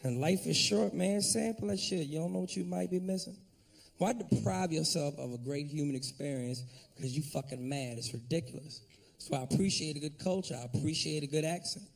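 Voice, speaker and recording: A man doing a profane, animated stand-up routine, talking straight to the crowd at a comedy club. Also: a little high, a little fast, creaky, recorded from a distance.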